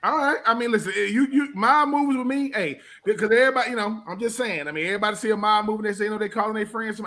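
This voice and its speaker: Animated high-voiced man. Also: racing, hardly any pauses. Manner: animated, repeats himself, slangy. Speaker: co-host. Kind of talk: casual sports radio banter.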